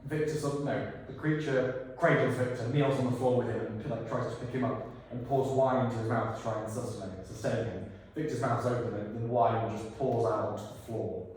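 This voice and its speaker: A man directing a theatre rehearsal, talking actors through scenes in an animated way and slipping into silly voices. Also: mid-range voice, a little fast. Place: rehearsal hall. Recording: echoey hall, far from the mic.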